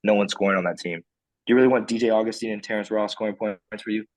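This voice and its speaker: A young man in casual sports debate as podcast co-host, excitable and quick to argue his picks. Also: fairly low pitch, dry recording.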